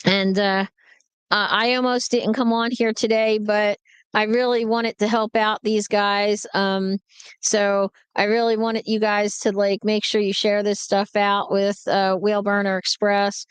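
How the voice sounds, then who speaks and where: A woman's voice: medium pitch, little pitch movement, a little slow, clean tone, no room sound. A tired woman truck driver on a casual livestream, telling stories and answering viewer comments. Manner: chatty storyteller, reads and answers viewer comments. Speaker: truck driver streaming live.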